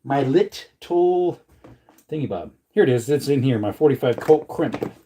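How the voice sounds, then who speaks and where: A man's voice: medium pitch, fairly quick, warm tone. Joking man chatting on a livestream. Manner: joking, chatty, reads chat aloud, puts on silly voices. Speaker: livestream host reloading ammunition. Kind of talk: casual livestream chat.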